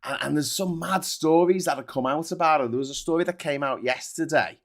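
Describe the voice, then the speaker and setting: A British man hosts a live show and reads out viewer comments between rants. He swears freely, talks in an animated way and keeps tripping over his words and restarting sentences. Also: fairly high pitch, brisk. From Britain. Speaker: host reading viewer comments.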